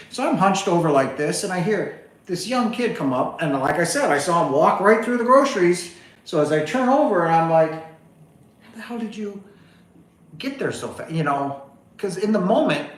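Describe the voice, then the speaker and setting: A man hosting a spiritual livestream, telling a story in a rambling casual monologue full of asides. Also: on the high side. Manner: rambling, animated, full of asides like "right?" and "okay?". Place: home, on a couch. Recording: echoey room.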